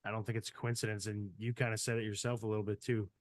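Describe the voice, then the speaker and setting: A low, flat-voiced man hosts a podcast with quiet, brief remarks. His voice sounds dry and close, in a casual chat. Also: very fast, no room sound. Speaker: podcast host.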